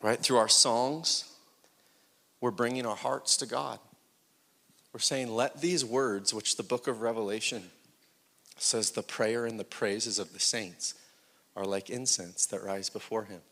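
A man preaching a sermon to his congregation. He asks them questions and swings from loud, rising peaks down to hushed whispers. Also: fairly low pitch, steady tone, a little slow, creaky, long pauses. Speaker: pastor.

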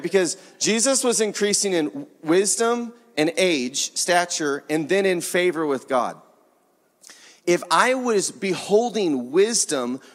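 A man preaching a sermon in an earnest, conversational way, acting out bits of dialogue. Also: on the high side. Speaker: pastor. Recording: long reverb of a hall.

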